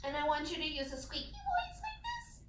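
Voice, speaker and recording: A woman teaching young pupils with a bright, very high voice, asking question after question and praising their answers. She is picked up from a distance in an echoey classroom, with faint background noise. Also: huge pitch swings, a little fast. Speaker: elementary school teacher. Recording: echoey classroom, mic far off.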